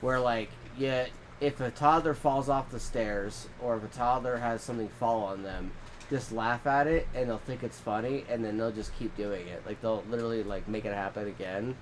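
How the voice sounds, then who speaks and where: A man with a mild head cold co-hosts a laid-back podcast. He rambles through anecdotes, sitting at an ordinary mid pitch. There is a faint hiss and room ambience behind him. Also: normal speed. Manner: rambling storytelling, acts out quotes in squeaky voices. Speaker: podcast co-host. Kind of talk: casual chat.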